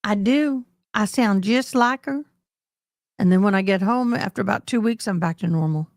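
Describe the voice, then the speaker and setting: A Tennessee woman with a mild Southern accent hosts a casual livestream chat, rambling talkatively with viewers and occasionally slipping into playful put-on accents. Her medium-pitched voice is a little mellow and moves at normal speed. The recording is clean studio sound with no room echo.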